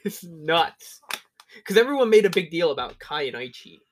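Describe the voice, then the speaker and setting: A young man co-hosting a podcast who tells animated stories and swears a lot. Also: a little high, moderate pace, slight background noise. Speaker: podcast co-host. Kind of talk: casual crude banter.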